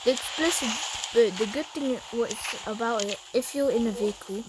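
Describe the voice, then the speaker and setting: A woman's voice: a little high, moderate pace, heavy background noise. A woman giving casual, self-mocking commentary while playing a video game, laughing often. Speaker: gaming YouTuber.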